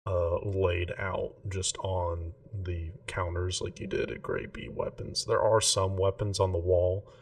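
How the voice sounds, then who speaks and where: A man narrating as game master in a relaxed, rambling way with many fillers. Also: sits low, measured pace, creaky, far from the mic.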